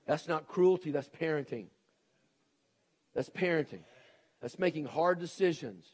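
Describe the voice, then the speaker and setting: A man's voice: on the high side, lively intonation, a little slow, darkish tone. Emphatic folksy preacher, man. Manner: emphatic, folksy, repeats his point, acts out quoted people. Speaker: preacher and educator. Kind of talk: sermon.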